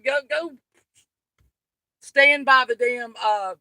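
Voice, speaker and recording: A woman's voice: medium pitch, animated, a little slow, a bit bright, dry recording, poor audio. Profane ranting woman. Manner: angry, profane, rambling. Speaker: channel host. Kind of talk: livestream rant.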